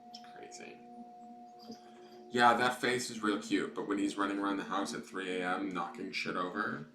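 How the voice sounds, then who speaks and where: Deep-voiced man rambling in an echoey room. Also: fairly even intonation, normal speed, sharp tone. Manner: rambling, chatty, swears casually. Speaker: tarot reader hosting live readings. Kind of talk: casual livestream chat with viewers. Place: at a desk at home. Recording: echoey room with clear background noise.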